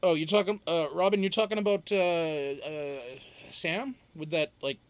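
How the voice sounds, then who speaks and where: A man with a voice on the high side and a steady tone talks at normal speed on a live stream. He reads viewers' comments aloud and answers them casually, rambling, swearing and often starting over.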